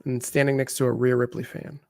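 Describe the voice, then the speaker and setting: A man's voice: medium pitch, flat delivery, quick pace, gravelly, dry recording, clean studio sound. A man co-hosting a live wrestling watch-along, chatting and joking casually. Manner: joking, chatty, reacts loudly. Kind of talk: casual live commentary chat.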